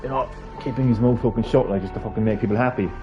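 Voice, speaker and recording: A man's voice: medium pitch, steady tone, racing, muffled recording, over music. An Irish man streaming a game, ranting casually and heatedly with lots of swearing. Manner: profane, heated, rambling. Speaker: gaming streamer.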